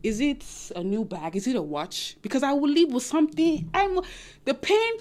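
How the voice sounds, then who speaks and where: A young woman with a high voice and a non-American English accent, chatting casually to viewers about dating. She talks in an animated, repetitive way and often slips into quoted voices. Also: moderate pace. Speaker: dating advice vlogger. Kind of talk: casual advice chat to viewers.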